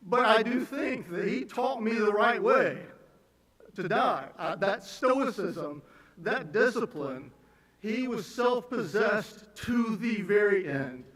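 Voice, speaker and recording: A man's voice: high-pitched, fairly bright tone, recorded from a distance. Emotional man giving a eulogy in an echoey church. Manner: halting, with many restarts and fillers. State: emotional, on the edge of tears. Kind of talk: memorial eulogy. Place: large church sanctuary.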